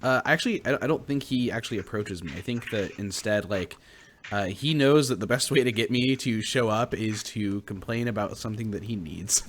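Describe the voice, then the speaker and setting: A man's voice: lowish voice, fairly quick, a little hiss or hum. Rambling young man game master. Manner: rambling, full of fillers and restarts. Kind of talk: narrating a tabletop game.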